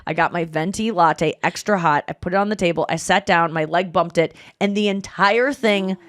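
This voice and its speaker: A woman's voice: lowish voice, moderate pace, a bit bright. Chatty woman podcast host. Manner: chatty, self-deprecating storytelling. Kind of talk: casual chat.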